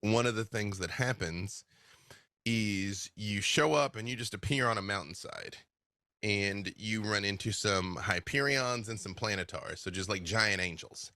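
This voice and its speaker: Animated man with a bright, dry voice. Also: lowish voice, measured pace, no echo. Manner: animated storyteller, laughs often. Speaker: guest game master. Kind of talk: casual interview chat.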